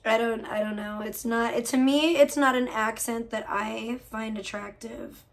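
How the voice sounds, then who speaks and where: Brief: woman streamer, slightly high voice, cussing and gossiping in a loose chatty rant. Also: steady tone, a little slow. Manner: profane, gossipy, venting about other streamers. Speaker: livestreamer. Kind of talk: casual livestream rant.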